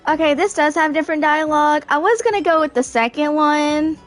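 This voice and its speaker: A woman's voice: sits high, a little fast, faint music behind. A woman playing a video game and chatting casually, thinking aloud with lots of fillers. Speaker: game streamer. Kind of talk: casual gameplay commentary.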